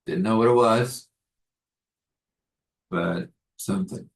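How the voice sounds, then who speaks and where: Slow, low-voiced man telling a story. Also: gravelly. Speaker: storyteller and spiritual teacher. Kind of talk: spoken story and blessing. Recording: roomy echo.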